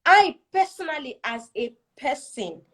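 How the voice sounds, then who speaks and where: As a guest in a casual conversation, a woman tells a personal story in an earnest, reflective way, repeatedly checking in with "do you see?" to make sure the listener follows. Her voice is high-pitched and sing-song, a little slow and a bit bright.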